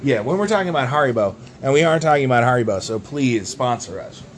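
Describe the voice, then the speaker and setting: Young dude rambling deadpan about silly stuff, podcast banter, bit of background noise. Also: male voice, medium pitch, fast talker. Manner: deadpan rambling, tall tales. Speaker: podcast co-host. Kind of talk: absurd comedic banter.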